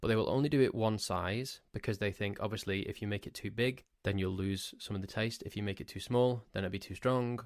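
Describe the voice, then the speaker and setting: Speaking a little fast and with few pauses, this lowish-voiced man is captured in studio quality with no room sound. He has an English accent from Cheshire, England, and rambles pedantically through a casual solo podcast monologue, adding ranting asides.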